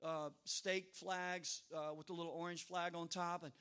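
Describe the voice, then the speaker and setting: A middle-aged man preaching as pastor, telling stories with humorous asides and sudden loud outbursts. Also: fairly high pitch, flat delivery, moderate pace, clean tone. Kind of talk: sermon.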